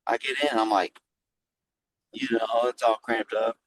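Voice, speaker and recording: A middle-aged man with a fairly low voice spins loose, animated stories as an interview guest. He talks casually and swears freely, and a faint hum of noise sits behind him. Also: unhurried, poor audio. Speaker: guest, flooring business owner.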